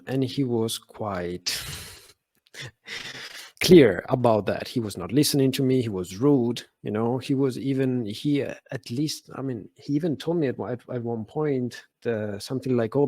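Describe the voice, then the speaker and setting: A man's voice: mid-range voice, a little mellow, no echo. Italian-accented man who stutters, dry sound. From Italy. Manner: stutters, with frequent fillers and repeated words. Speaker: podcast guest. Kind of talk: conversational interview.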